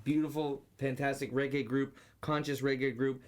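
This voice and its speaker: A drunk man co-hosting a podcast, rambling excitably and swearing freely. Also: mid-range voice, moderate pace. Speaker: podcast co-host. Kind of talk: casual chat.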